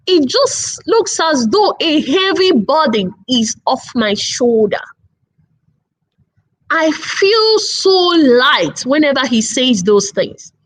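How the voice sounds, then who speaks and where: High-voiced woman, slow earnest teaching. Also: a bit bright, rough recording. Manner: earnest, repetitive teaching with slow emphatic phrases. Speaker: webinar speaker on parenting. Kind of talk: online webinar talk.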